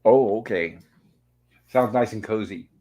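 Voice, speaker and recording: A man's voice: on the low side, a little slow, warm tone. Chatty male livestream host. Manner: chatty, recaps scenes with frequent "of course". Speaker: livestream host reviewing an old sitcom. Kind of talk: casual live-stream chat. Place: home bedroom.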